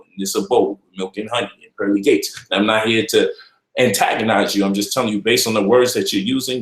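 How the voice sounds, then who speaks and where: A man's voice: fairly low pitch, echoey room, poor audio. A man giving an informal finance lecture to online viewers, emphatic and repetitive, often checking in with the listener. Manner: emphatic, repeats points, asks "you feel me?".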